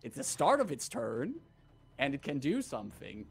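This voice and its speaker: A man running a tabletop game as dungeon master, narrating the scene in a measured, playful way. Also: medium pitch, huge pitch swings, gravelly, husky.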